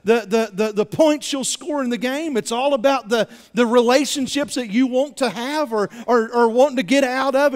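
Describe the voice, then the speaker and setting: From the pulpit, a high-voiced pastor delivers his sermon in a sanctuary with long, ringing reverb. He's animated, tripping over and repeating words as he builds toward each point with rising, loud emphasis.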